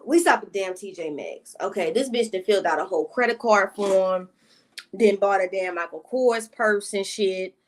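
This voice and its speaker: A woman vlogger telling a casual storytime, profane and exasperated, with slangy asides and quick greetings to her viewers. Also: mid-range voice, slight background noise.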